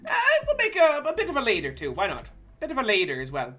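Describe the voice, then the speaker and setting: With huge pitch swings in a bright, sharp voice, a game streamer talks casually while playing, a little fast, joking, cursing and teasing viewers. Faint music sits behind.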